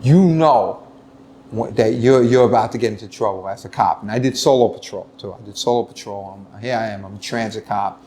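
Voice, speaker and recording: A middle-aged man, a retired police lieutenant telling stories in an interview, animated and full of restarts. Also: on the low side, fairly quick, slight background noise. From United States. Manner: animated storytelling, many restarts, acts out quoted voices. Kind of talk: casual interview talk.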